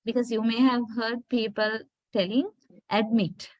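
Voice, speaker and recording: Teaching English pronunciation in an unhurried lecture, a woman spells words out with patience and keeps asking her students "right?" to make sure they follow. Her voice is a little high, and there's no room sound.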